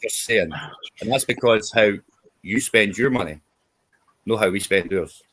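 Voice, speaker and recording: A man's voice: lowish voice, a little slow, fairly bright tone. A Scottish man in a casual group chat, blunt and sweary, teasing and arguing his point. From Scotland. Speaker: guest.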